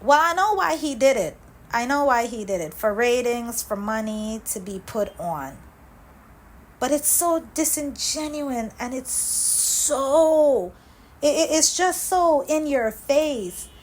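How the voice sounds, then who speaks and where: A woman with a high-pitched voice delivers an angry, impassioned rant for her reaction vlog. She speaks slowly and deliberately, repeating phrases for emphasis. Her tone stays heated and insistent throughout. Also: expressive, slight background noise, low-quality recording. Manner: impassioned ranting, repetitive emphasis. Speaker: commentary channel host.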